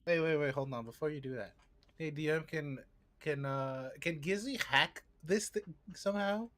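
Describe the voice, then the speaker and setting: Slightly high-voiced hesitant player. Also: male voice, normal speed, a bit bright. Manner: hesitant, self-correcting talk. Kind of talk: casual chat at a tabletop game.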